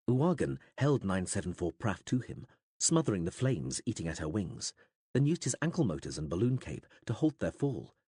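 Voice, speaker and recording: A man narrates an audiobook with a lower-pitched, husky voice that swings widely in pitch as he tells the story. His delivery is dramatic and expressive. The recording is dry and close, with no room sound. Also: no echo. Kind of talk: scripted narration.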